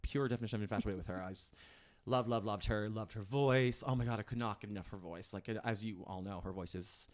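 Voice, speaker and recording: A man chatting as a guest on a live show, telling animated stories full of tangents and laughter. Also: on the low side. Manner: animated storyteller, quick tangents, bursts of laughter. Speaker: guest performer. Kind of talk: casual chat on a live stream.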